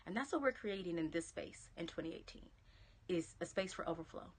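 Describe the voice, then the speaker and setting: Speaking fairly quickly in a lowish, expressive voice, a Southern American woman gives viewers an encouraging live-stream pep talk. She's a motivational speaker who chats along and sinks to a whisper for the key phrases, recorded on a phone or webcam stream.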